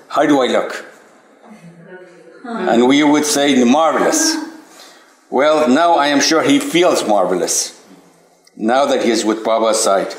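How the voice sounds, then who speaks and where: A man sharing personal memories with a group at a spiritual center, hesitant, with many restarts, rising high and animated when amazed. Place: meeting room at a spiritual center. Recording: echoey room recording.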